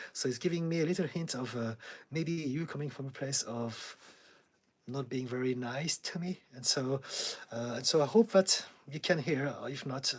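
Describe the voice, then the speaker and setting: A calm male therapist with a husky, medium-pitched voice hosts a live-stream Q&A, reading out chat comments. He stays steady and reassuring and laughs lightly often.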